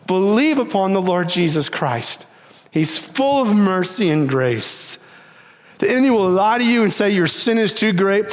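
A man preaching a sermon as pastor, earnest and emphatic, pressing his listeners with repeated appeals. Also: sits high. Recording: long reverb of a large hall.

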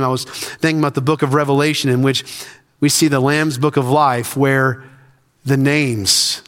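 A man's voice: mid-range voice, a bit bright, long reverb tail. A man preaching a sermon as senior pastor, building emphasis through repeated phrases. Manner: preaching with rising emphasis and repetition. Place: church sanctuary.

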